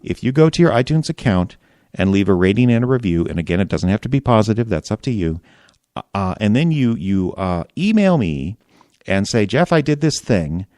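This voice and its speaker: A man hosting a podcast, chatting in a relaxed, self-deprecating way. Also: fairly low pitch, brisk, no room sound, clean studio sound. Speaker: podcast host. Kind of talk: casual podcast talk.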